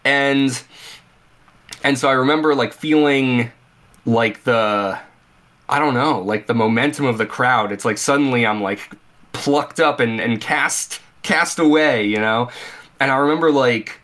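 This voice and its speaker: Young male podcast co-host, lively storyteller, plain middle-pitched voice. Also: measured pace. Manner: animated storytelling, acting out remembered reactions. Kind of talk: casual podcast chat.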